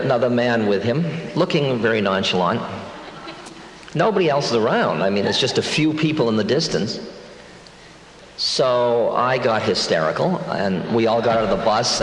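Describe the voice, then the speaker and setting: A man in his sixties telling a spiritual story to an audience, wry and reflective, slowing down to muse. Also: lowish voice, a little hiss or hum. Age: 60s. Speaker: spiritual teacher. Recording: echoey hall with long reverb.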